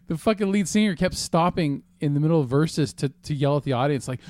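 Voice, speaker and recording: A man's voice: a little high, brisk, a little mellow, dry recording. A man chatting casually on a podcast as co-host, telling a rambling, profane story full of fillers. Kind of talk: casual chat.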